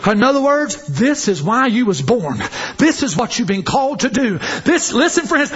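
A man preaching with fervor, his voice strikingly high and lively, swinging up into shouted exhortations. The tone is husky and breathy. The recording sounds dull and lo-fi. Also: moderate pace. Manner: fervent, shouting exhortation with call-and-response phrases. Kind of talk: sermon.

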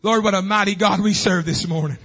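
A man preaching a fervent revival sermon in a church, swinging between shouting and hushed tones. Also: high-pitched, fairly quick. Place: church sanctuary.

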